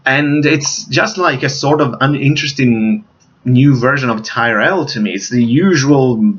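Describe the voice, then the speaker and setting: This man reviews films casually, rambling along, hunting for names and using plenty of fillers. He speaks in a mid-range voice at a measured pace, and the recording is lo-fi.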